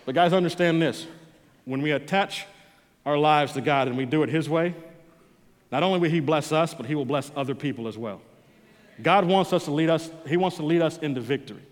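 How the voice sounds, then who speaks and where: Pastor preaching in a reverberant hall. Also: male voice, on the high side, brisk. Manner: storytelling, swings from loud mock pleading to quiet intensity. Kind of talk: sermon.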